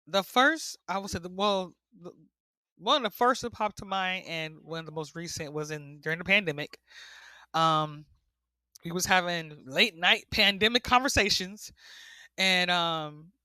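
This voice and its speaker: Bright-voiced woman telling a story. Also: lowish voice, unhurried, no echo. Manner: animated storyteller, acts out quotes, laughs often. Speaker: podcast guest. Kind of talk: casual storytelling chat.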